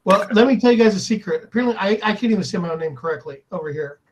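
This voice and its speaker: A man's voice: high voice, lively intonation, racing, low-quality recording. A man with a Texan American accent in casual group chat over a video call, joking and laughing often. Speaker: guest chatter on a live art stream.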